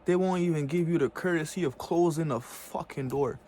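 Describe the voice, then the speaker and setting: A man's voice: fairly high pitch, moderate pace, mellow, slight background noise. A man in a heated, casual vlog rant, full of profane slang and repeated fillers. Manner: heated, profane slang, repeats "bro" and "you know what I'm saying". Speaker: vlogger.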